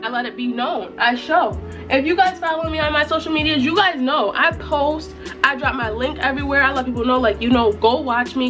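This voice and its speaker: This high-pitched YouTuber, a young woman from Utica in upstate New York, cries happy tears and says the same things over and over with emphatic excitement. She's chatting casually for her vlog at home, facing a mirror.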